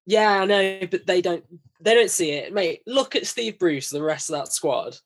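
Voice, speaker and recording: A man with a fairly high voice talks football in a relaxed, matey way, breaking into easy laughs. He speaks casually and loosely. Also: moderate pace. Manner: laid-back, laughing, says "mate". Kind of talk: casual football podcast chat.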